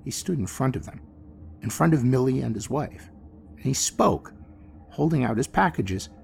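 Gravelly, expressive male horror narrator. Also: medium pitch, moderate pace, slight background noise. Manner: expressive, theatrical. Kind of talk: dramatic horror story reading. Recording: faint music bed behind.

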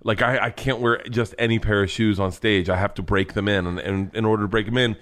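A comedian guest in casual podcast chat, telling profane, rambling stories with many restarts and stammers. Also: male voice, lowish voice, fairly even intonation, fairly quick, fairly bright tone.

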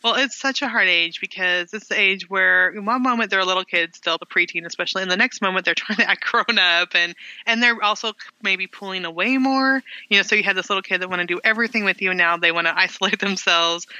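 A woman's voice: mid-range voice, fast talker, bright, forceful tone, dry recording. A middle-aged woman, a guest author, chatting earnestly in an interview and laughing often between phrases. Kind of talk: casual interview chat. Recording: dull lo-fi sound.

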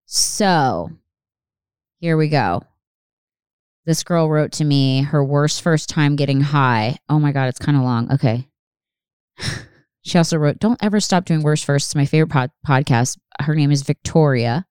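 Young woman podcast host, low smooth voice, dry close sound, rambling, swears a lot. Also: moderate pace, a little mellow, no echo. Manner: rambling, swears freely, many fillers and restarts. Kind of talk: casual solo podcast chat.

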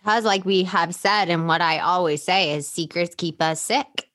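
A woman's voice: on the low side, fairly even intonation. A woman hosting a podcast, reacting with open emotion and talking frankly about addiction and connection. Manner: warmly emotional listener, quick to react. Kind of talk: candid conversation about recovery.

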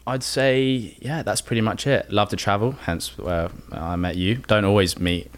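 A man's voice: on the low side, moderate pace, smooth. A young man with a London accent, chatting casually and cheekily as a podcast guest. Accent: London English. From London, England. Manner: laid-back, joking, cheeky. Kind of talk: casual chat.

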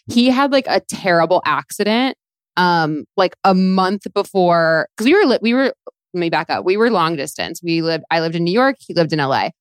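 A woman's voice: lowish voice, dry recording, clean studio sound. A woman chatting candidly and laughing, with lots of fillers, in a casual podcast conversation.

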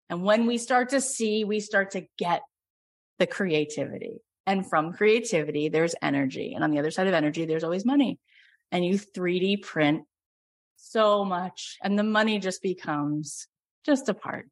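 A middle-aged woman coach hosting a call and pitching her program, effusive and growing loud and emphatic. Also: normal speed.

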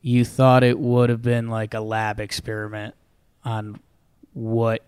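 A man's voice: mid-range voice, completely flat delivery, a little slow, a little mellow, clean tone, no room sound. A man co-hosting a podcast, chatting casually with dry, offbeat quips and some hesitation. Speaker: podcast co-host. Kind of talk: casual chat.

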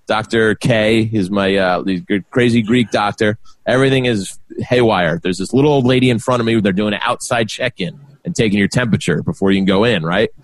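A man, co-hosting a podcast and telling a long story in a lively way, acting out what everyone said. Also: lowish voice, fairly quick, hardly any pauses, no room sound. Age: 40s. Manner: animated storyteller, acts out quotes. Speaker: podcast co-host. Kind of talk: casual storytelling chat.

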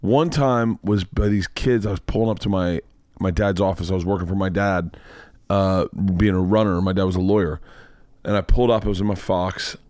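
A man hosting a podcast, telling a story in casual chat, profane and animated, acting out the people in it. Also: deep voice, fairly quick, no room sound, studio quality. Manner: profane, animated storyteller who acts out voices. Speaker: podcast host.

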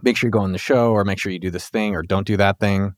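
A man's voice: on the low side, fairly even intonation, fast talker, no room sound, clean studio sound. A man hosting a podcast, talking in an upbeat, slangy, casual way with his guest. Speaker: podcast host.

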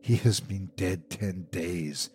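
A man's voice: fairly low pitch, big pitch swings, moderate pace, warm tone, husky. A man voicing a frightened elderly husband who speaks unsteadily. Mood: shaken. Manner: shaken, unsteady.

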